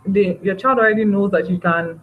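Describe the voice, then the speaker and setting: A woman giving a parenting training talk, lively and acting out parent and child voices as she explains. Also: mid-range voice, fairly quick, narrow, tinny audio.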